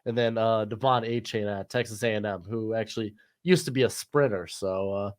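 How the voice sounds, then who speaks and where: A man giving casual sports analysis in a relaxed way, with plenty of fillers. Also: on the low side, fairly quick. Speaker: guest co-host.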